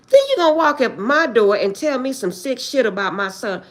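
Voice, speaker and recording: A woman ranting on a livestream, close to tears and swinging between outbursts and quiet prayers. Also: sits high, animated, a little fast, few pauses. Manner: agitated, swings between shouting and tearful prayer. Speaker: livestream host. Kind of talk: emotional livestream rant.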